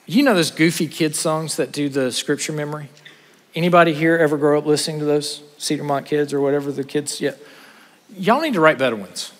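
A man, a pastor preaching an earnest sermon to his congregation, trading quick asides for slow, stressed points. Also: fairly high pitch, in a large hall. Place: church sanctuary.

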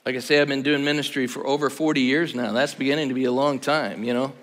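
A man's voice: mid-range voice, steady tone, fast talker, a bit bright. A man in his sixties preaching a conference sermon, telling stories animatedly and with humor. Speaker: pastor. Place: large conference hall. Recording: long hall reverb.

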